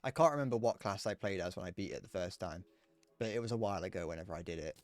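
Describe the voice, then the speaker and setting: A young man with a southern English accent, chatting casually while streaming a game and answering chat, muttering low to himself between brighter, self-deprecating replies. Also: rapid-fire, faint music behind. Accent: British, southern English. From England. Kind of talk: casual gameplay chat reading chat aloud. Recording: faint background noise and clicks.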